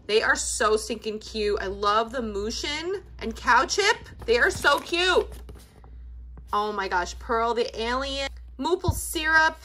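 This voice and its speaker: A thirties-aged woman vlogs a casual toy unboxing, gushing with enthusiasm over what she finds. Her voice sits on the high side and sounds animated and sharp, though she speaks at a slow pace.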